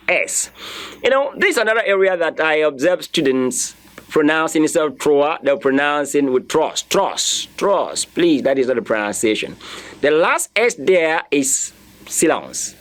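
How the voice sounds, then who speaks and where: A man's voice: fairly high pitch, a bit bright. A man teaching a beginner French class, repeating words and spelling them out letter by letter. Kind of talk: classroom lesson.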